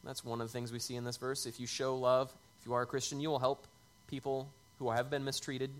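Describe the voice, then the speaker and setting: A man's voice: medium pitch, level tone, brisk. A man preaching a sermon in a conversational way, lifting his voice on key words. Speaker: pastor.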